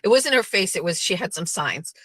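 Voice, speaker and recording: A woman hosting a show, telling a story in a casual, animated monologue, blunt and swearing freely as she acts out what people said. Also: on the low side, fairly quick, no room sound. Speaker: show host.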